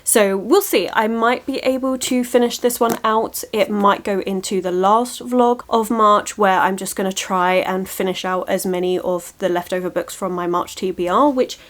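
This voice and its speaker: A woman's voice: medium pitch, steady tone, normal speed, few pauses. A young woman chatting enthusiastically in a casual reading vlog, laughing often as she talks. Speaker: book vlogger.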